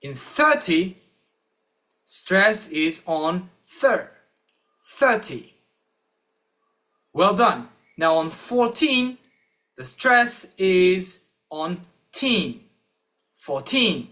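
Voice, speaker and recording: A man teaching English, giving a slow, encouraging classroom-style lesson and repeating words for learners. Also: high-pitched, lively intonation, bright, forceful tone.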